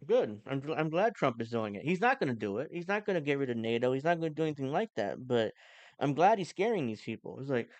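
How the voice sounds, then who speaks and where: A man's voice: mid-range voice, very animated, fast, darkish tone, no room sound. A man hosting a casual live stream, reacting to news clips with sarcastic, mocking rants. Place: home, cooking during stream.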